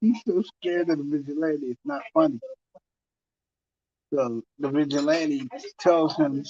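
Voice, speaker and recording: A man's voice: on the high side, expressive, unhurried, pauses often, a little mellow. A man casually telling a long story, rambling and repeating himself, with many fillers. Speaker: TV talk guest telling a story. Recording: muffled lo-fi sound.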